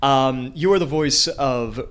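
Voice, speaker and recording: A man hosting a casual interview at an anime convention, chatty and enthusiastic and quick to laugh. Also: mid-range voice, a bit bright. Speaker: interviewer host.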